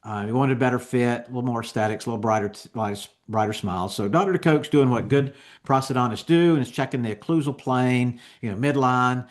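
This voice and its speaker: A man giving a continuing education lecture on dental technique, explaining each step in a relaxed, conversational way. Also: mid-range voice, a little fast.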